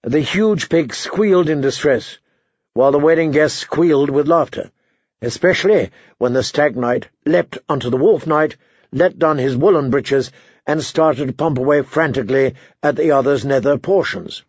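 A male narrator reads a fantasy novel in a measured, dramatic storytelling manner. His voice sits a touch high for a man. The recording is dry and slightly muffled. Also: breathy edge, dry recording. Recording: dull, muffled audiobook recording.

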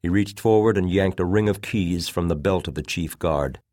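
A man narrating an audiobook in a steady, measured reading. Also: sits low, no echo, studio quality.

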